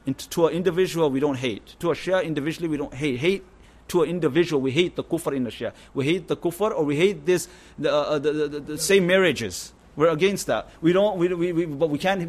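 A man giving an informal sermon to a religious gathering, repeating his points and often checking that listeners understand. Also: fairly high pitch. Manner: repetitive, keeps asking "understand?". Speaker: religious teacher.

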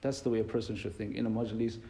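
A man's voice: lowish voice, steady tone, fast, vocal fry, dark tone, echoey room, rough recording. A man giving an earnest sermon, repeating phrases and mixing Arabic and Urdu terms into his English. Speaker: imam giving a religious talk.

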